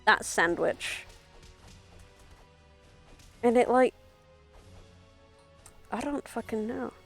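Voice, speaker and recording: Young woman streamer, slow, slightly high voice, casual chat with plenty of swearing, headset mic. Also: lively intonation, gravelly, fairly bright tone, soft background music. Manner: swears freely, talks to herself while playing. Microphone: headphones with mic.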